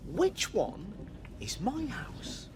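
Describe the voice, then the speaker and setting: A man's voice: high voice, wildly swooping pitch, very slow, noisy background, full character voice. An actor playing a dry, mocking young man bringing his girlfriend home in a comedy film. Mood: wry.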